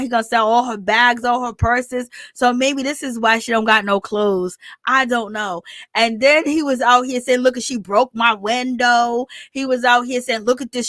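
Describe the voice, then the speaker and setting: Woman recap vlogger, higher voice, dry close sound, chatty slangy gossip with frequent laughs. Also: fairly bright tone, no room sound. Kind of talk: casual gossip commentary.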